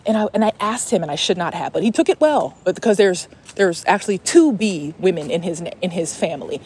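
A young woman talks through a personal story on her podcast, animated and loose, cursing and restarting her sentences as she goes. Her voice sits on the lower side. Faint outdoor noise runs behind her as she walks. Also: brisk. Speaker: podcast host. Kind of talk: casual storytelling monologue. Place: walking outdoors.

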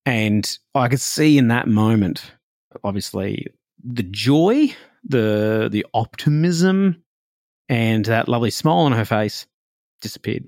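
Man, podcast host, middle pitch, dead dry sound, relaxed reflective storytelling. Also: slow, no room sound. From Australia. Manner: relaxed, reflective, heavy on "like" and "you know".

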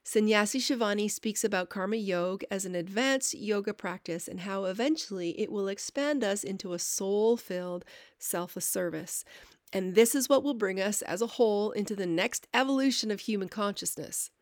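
A woman, a longtime student, calmly reading a scripted introduction for a spiritual podcast. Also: medium pitch, moderate pace, no room sound, studio quality. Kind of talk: scripted narration.

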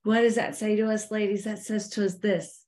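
A middle-aged woman giving a faith-based leadership talk to women, earnest and animated, speaking to her listeners directly as ladies. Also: medium pitch, normal speed. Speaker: business coach teaching women.

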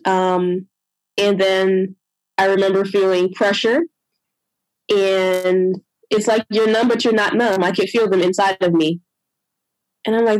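A woman's voice: mid-range voice, little pitch movement, a little slow, long pauses, a little mellow, dry recording, low-quality recording. A young adult woman telling her own birth story in a conversation, emotional and retelling what others said. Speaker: guest sharing a birth story.

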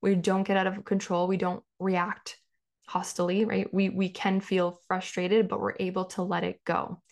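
A woman's voice: on the low side, flat delivery, moderate pace. A woman in her thirties hosting a solo podcast, talking conversationally and repeating phrases for emphasis. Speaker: podcast host.

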